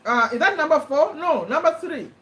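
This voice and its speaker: A high-pitched woman hosts a casual live-stream quiz, reading out viewers' names and ruling on their answers. Her voice sits away from the mic. It carries a roomy echo. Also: expressive, fairly quick, fairly bright tone, distant mic. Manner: chatty, reads out viewer names and answers, checks and rules on them. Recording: echoey room, voice away from the mic.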